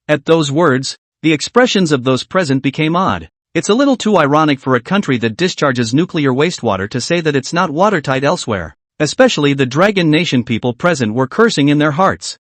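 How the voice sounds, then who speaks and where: Dry, lively male recap narrator. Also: on the high side, a little fast, hardly any pauses, no echo. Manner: steady dramatic storytelling. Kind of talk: scripted story narration.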